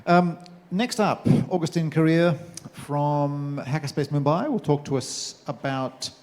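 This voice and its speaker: A man's voice: fairly high pitch, measured pace, darkish tone. Man announcing the next speaker, hall echo. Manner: brief, formal announcement. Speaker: event host. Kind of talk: introducing a speaker. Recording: distant voice in a reverberant hall.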